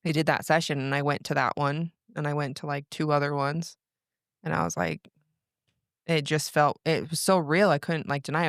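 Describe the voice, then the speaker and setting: A woman's voice: low voice, a bit bright, no echo, clean studio sound. A young adult woman, a podcast guest, telling a personal story in casual chat, rambling with lots of "like" and restarts. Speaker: podcast guest, breathwork practitioner.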